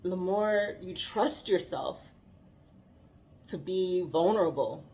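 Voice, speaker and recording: A woman's voice: lowish voice, slow pace, a little mellow. A woman talking earnestly about faith and growth, heartfelt and given to laughing. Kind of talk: reflective faith talk.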